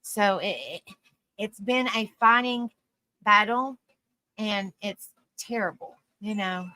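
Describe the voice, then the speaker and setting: Speaking slowly in a medium-pitched, pushed, bright voice, a woman hosts a live online panel. Her casual, earnest talk wanders and is packed with "you know" fillers.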